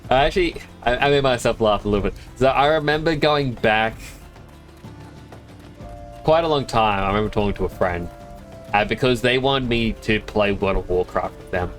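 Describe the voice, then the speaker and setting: A man's voice: mid-range voice, normal speed, faint music behind. A man streaming a game, chatting casually in a rambling, self-amused way. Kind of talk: casual chat while gaming.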